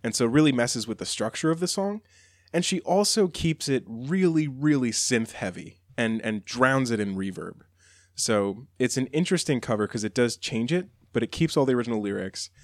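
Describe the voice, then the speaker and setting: A man co-hosts a podcast, chatting casually and enthusiastically about songs. His mid-range voice is expressive and moderately paced, and the studio-quality recording has no echo.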